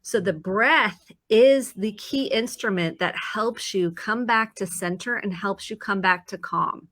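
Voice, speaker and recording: A woman therapist talks through her ideas on a live talk show. Her voice is bright and close, with a dry sound. She explains in an earnest way and acts out the things people say to themselves. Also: medium pitch, unhurried, no echo. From Indiana, US. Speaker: therapist guest.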